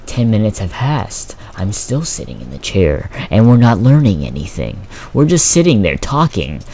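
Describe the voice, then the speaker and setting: A teenage boy telling a story in a casual vlog, profane, exasperated and animated. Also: lowish voice, normal speed, vocal fry. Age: teens. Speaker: vlogger.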